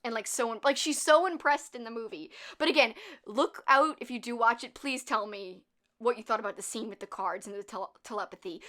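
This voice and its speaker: Young female host, bright and chatty, animated movie talk. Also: on the high side. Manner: chatty, laughing at the film, acts out quotes. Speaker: channel host.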